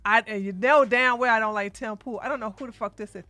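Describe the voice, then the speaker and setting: A woman hosts a livestream in a high, lively voice. Her tone is bright and she swings into loud outbursts. The mic is dry and close, with faint music behind her. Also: fast talker, dry recording. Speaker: livestream commentary host. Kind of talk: casual livestream commentary.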